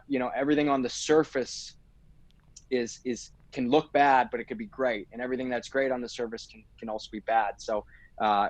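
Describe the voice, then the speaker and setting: A man from Canada, an interview guest, telling a story in a casual, animated way and repeating words as he builds his point. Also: mid-range voice, dry recording, dull audio.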